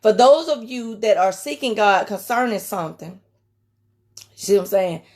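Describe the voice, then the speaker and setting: This woman preaches a relaxed live-stream sermon in a raspy voice with a country twang, at medium pitch and normal speed, with an expressive delivery and a darkish tone. She speaks emphatically, repeats key phrases, and names viewers directly.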